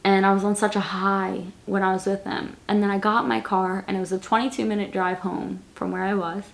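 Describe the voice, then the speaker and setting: This late-twenties woman vlogger has a mid-range, gravelly voice with a level tone, talking a little fast. In a casual Q&A, she answers viewer questions directly to camera, rambling, repeating words and using "like" constantly.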